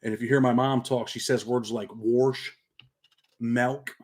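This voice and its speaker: He's a middle-aged channel host and paralegal from Rochester, New York, with a slight country twang and a laid-back, streetwise manner, sprinkling "man" through his slang. His mid-range voice is steady, slightly rough, and quick-paced as he chats casually on a livestream and reads comments.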